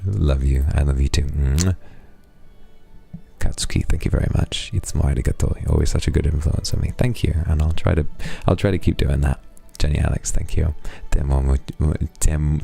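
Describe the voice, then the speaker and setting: A man's voice: very deep voice, fairly even intonation, moderate pace, creaky, dark tone, slightly rough, soft background music. A young man streaming live, thanking donors and chatting frankly and playfully with his audience. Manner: frank, teasing banter with chat. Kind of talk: casual live-stream chat.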